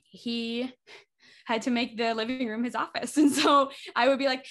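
Her pitch fairly high and her tone a bit bright, a woman in her twenties talks at a normal speed. She's a theater artist appearing as a podcast guest, chatty and leaning hard on "like" as filler in the casual conversation.

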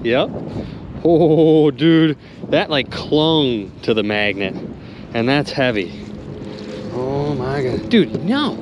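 An excitable man narrates his magnet fishing finds from a boat on a river, talking straight to his viewers. His pitch swoops widely as he exclaims over each catch, and boat and water noise is clearly heard behind him. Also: takes it slowly, pauses often. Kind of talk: excited outdoor vlog narration.

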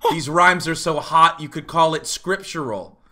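A man's voice: a little high, moderate pace, pushed and bright. A man hosting a live stream, casually chatting and improvising playful rhymes for subscribers. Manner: playful, jokey, hypes up rhymes. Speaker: livestream host.

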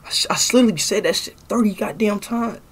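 Husky young man ranting on stream. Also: sits high, fast. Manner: loud, profane, repetitive ranting. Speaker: livestreamer. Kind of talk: angry livestream rant.

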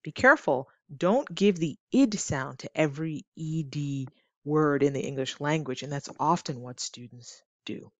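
A woman teaching English pronunciation in a clear, deliberate way, slowing down to stretch out example words. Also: low-pitched, fairly bright tone, no echo. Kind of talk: pronunciation lesson.

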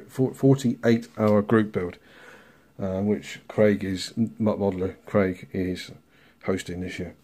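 A man hosting a casual model-building bench update, relaxed and rambling, chuckling at himself now and then. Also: lowish voice. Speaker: scale model builder, channel host.

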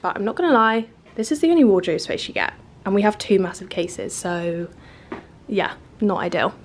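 A young woman talks casually to her handheld camera, full of "like" and easy fillers. Her voice sits in a middle register. Steady background noise runs under the recording. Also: medium pitch. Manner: chatty, filler-heavy, says "like" often. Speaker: travel vlogger. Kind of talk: casual vlog chat to camera. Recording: noisy handheld vlog audio.

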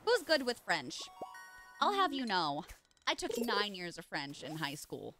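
A woman streaming live and chatting casually while she plays, playful and goofy with loud silly outbursts. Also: medium pitch, wildly swooping pitch, measured pace, faint music behind.

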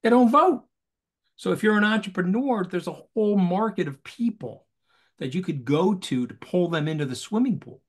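A man speaks as an interview guest over a video call, his voice set a little high for a man. He talks in an emphatic, rhetorical way and keeps hammering his points home with repeated phrases. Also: lively intonation, moderate pace. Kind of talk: animated interview talk.

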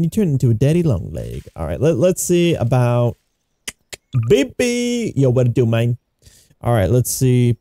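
A man giving casual gameplay commentary, excitable and giggly, with frequent exclamations. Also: fairly high pitch, no echo, studio quality. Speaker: gaming YouTuber.

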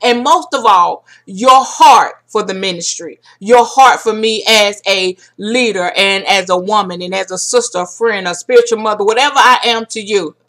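A woman's voice: mid-range voice, normal speed, hardly any pauses, a bit bright. A woman ministry leader giving a heartfelt video message to her team. She speaks effusively and slips into preacher-style declarations. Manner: uses Southern-style "y'all".

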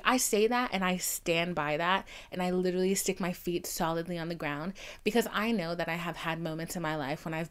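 A woman in her twenties hosting a podcast, talking casually and candidly, swearing often and acting out the people she quotes. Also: on the low side. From Haitian family. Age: 20s. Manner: chatty, profane, animated quoting. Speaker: podcast host. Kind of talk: casual confessional monologue.

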